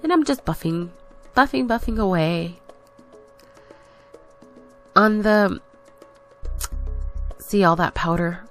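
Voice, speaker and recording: A woman's voice: mid-range voice, animated, slow pace, long pauses, fairly bright tone. A woman casually narrating her nail tutorial in a chatty, rambling way, a little out of breath. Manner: chatty, rambling, self-correcting. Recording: voice-over with faint background music.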